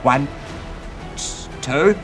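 A man commenting on his own gameplay in a frantic, excitable way, often shouting and squealing. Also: medium pitch, drawn-out words. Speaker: gaming YouTuber. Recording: light background music.

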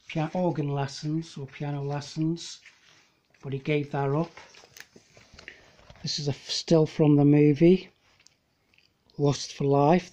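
Guy rambling slowly about paintings, keeps correcting himself, mellow voice. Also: on the high side, a little hiss or hum. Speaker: amateur painter presenting his copies. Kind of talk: casual narrated slideshow. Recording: dull lo-fi home recording.

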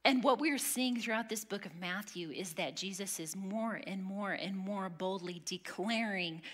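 A woman teaching a women's Bible study, earnest and emphatic, sometimes dropping to a hush. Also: mid-range voice, unhurried. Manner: earnest, emphatic, drops to a hush on key lines.

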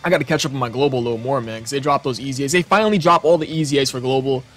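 A young man hosting a gaming channel, reacting to memes in casual, excitable commentary that is full of swearing and frequent laughter. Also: medium pitch, very fast, faint music behind. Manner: excitable, profane, laughs often.

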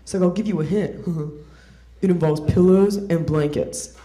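A woman's voice: fairly low pitch, measured pace, dark tone. A young adult woman performing a stand-up comedy set on a club stage, sarcastic and putting on voices for the people in her stories. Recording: roomy club sound.

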